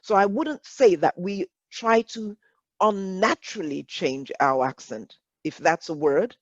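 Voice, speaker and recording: Woman workshop presenter, English accent, unhurried, dry dull call audio. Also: lowish voice, lively intonation, no echo. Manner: measured, deliberate, repeats phrases.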